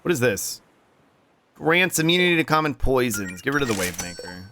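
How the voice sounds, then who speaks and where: A man's voice: medium pitch, big pitch swings, normal speed, pushed and bright, a little hiss or hum. A man streaming a role-playing game, goofing around, swearing, and humming nonsense syllables. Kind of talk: casual game commentary.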